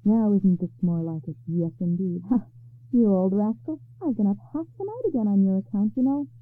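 A woman's voice: mid-range voice, animated, moderate pace, lightly acted. Woman doing a gloating, fussy Death. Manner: smug, chatty, theatrical. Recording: narrow phone-like radio sound.

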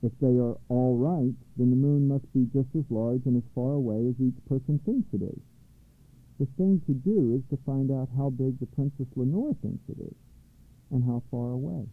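A man voicing a kind, clever court jester who speaks softly and thoughtfully, over a tinny line. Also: medium pitch, natural voice. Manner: soft, slow and thoughtful. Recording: tinny phone-like line, dry.

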